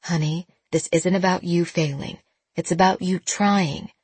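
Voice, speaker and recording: A woman reading an audiobook, voicing a middle-aged mother who gently comforts her grown daughter, speaking softly and slowly. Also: lowish voice, fairly even intonation, slightly rough, no echo. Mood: soothing.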